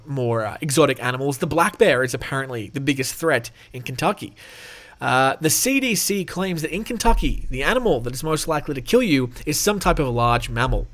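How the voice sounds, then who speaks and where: Aussie bloke reading stuff out for his vlog, medium pitch, swears a lot, laughs halfway through sentences. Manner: swears freely, joking, chuckles mid-sentence. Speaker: reaction video host. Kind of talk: reading an article aloud with casual asides.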